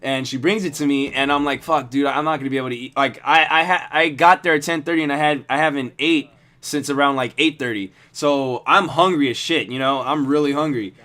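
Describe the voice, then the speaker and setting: A man's voice: on the high side, brisk, pushed and bright. A man telling a story casually over gameplay, rambling and swearing a lot. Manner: rambling, heavily profane. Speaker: gaming video host.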